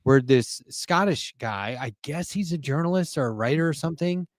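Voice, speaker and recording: A man's voice: a little high, lively intonation, normal speed, dry recording, studio quality. A man, co-hosting a casual panel chat, rambling and often trailing off and restarting. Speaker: co-host.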